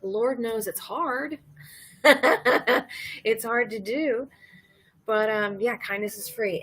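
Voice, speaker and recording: A woman from Louisiana hosting a casual comedic monologue, rambling and cursing and laughing her way through dark topics. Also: on the high side, slightly rough, poor audio. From Louisiana, USA. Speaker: host.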